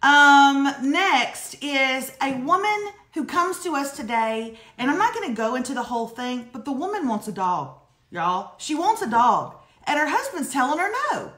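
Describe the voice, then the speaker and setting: A woman co-hosts a casual live advice chat, sassy and emphatic as she dishes out advice. Her voice sits a little high, and the room around her is echoey. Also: moderate pace. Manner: sassy, emphatic, animated storytelling. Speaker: co-host giving advice.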